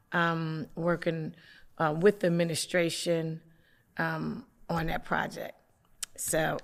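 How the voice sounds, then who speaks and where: A councilwoman from hosting a local community TV show, with the hiccups, making announcements in a halting way with many fillers. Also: fairly low pitch, vocal fry. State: has the hiccups.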